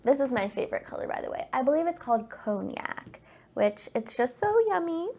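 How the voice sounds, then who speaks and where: Upbeat high-voiced woman teaching a craft class. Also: lively intonation, fairly quick, creaky, dark tone, husky. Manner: upbeat, enthusiastic. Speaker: craft instructor. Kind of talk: class tutorial.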